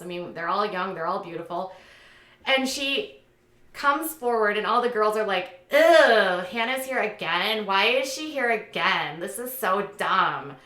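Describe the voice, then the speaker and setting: Brief: sarcastic female recapper, bright tense voice, roomy echo. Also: mid-range voice. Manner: gossipy, sarcastic, lots of "like" fillers; acts out quotes in mocking voices. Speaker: reality TV commentator. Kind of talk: casual recap commentary.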